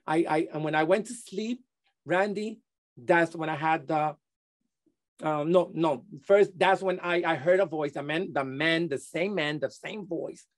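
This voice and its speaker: Middle-aged man, interview guest; halting testimony, lots of restarts. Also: on the high side. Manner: halting, many restarts and repeated words.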